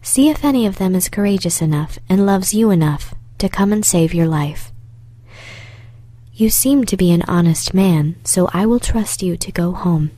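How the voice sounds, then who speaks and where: A woman voicing a stern, grim male beast in a storybook reading, speaking slowly and softly with a lowered voice. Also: animated, dry recording.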